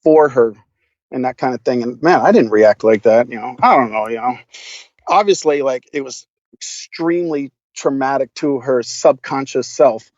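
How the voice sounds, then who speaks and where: A man's voice: medium pitch, moderate pace, darkish tone, no room sound, dull audio. A man, a podcast guest, telling stories casually in a rambling, profane way, full of fillers. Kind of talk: casual storytelling.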